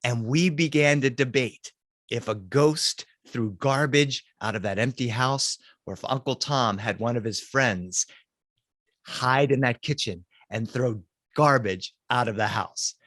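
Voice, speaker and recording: A man telling a spooky story for children, animated, swinging between loud cries and hushed lines. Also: medium pitch, a little slow, no room sound, studio quality.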